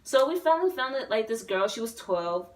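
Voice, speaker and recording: A woman in her twenties, a vlogger telling a story to camera in a rambling, excitable way, full of fillers and swearing. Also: a little high, fairly quick, far from the mic, low-quality recording. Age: 20s.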